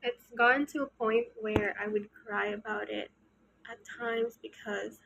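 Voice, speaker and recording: Slow, soft-spoken young woman. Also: fairly high pitch, little pitch movement, vocal fry, dull audio, noisy background. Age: early 20s. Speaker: channel host. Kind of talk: casual confessional talk.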